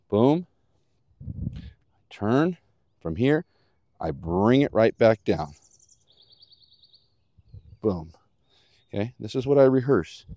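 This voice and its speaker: A man's voice: lowish voice, warm tone, dry recording, studio quality. Upbeat man giving a golf lesson. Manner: upbeat, plain-spoken, talks to the viewer. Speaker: golf instructor. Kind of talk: casual on-course golf lesson. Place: outdoors on a golf course.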